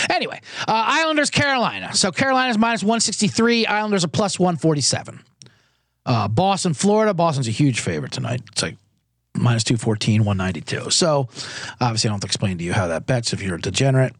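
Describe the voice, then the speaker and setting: Rambling, gravelly-voiced man hosting a podcast. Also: medium pitch, fairly bright tone, no room sound, clean studio sound. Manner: rambling, jokey, self-interrupting. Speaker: podcast host. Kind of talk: casual comedic sports betting talk.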